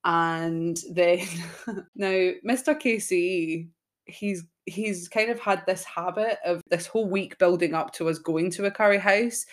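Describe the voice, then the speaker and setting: A woman's voice: on the low side, a little slow. Chatty woman in her twenties. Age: 20s. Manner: chatty, giggly storytelling. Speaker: podcast host. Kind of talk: casual podcast chat.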